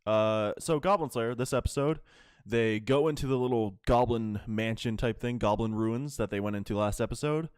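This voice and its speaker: A man's voice: mid-range voice, moderate pace, darkish tone, smooth, dry recording, clean studio sound. A man hosting a casual anime podcast, rambling through episode recaps with lots of fillers and swearing. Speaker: podcast host.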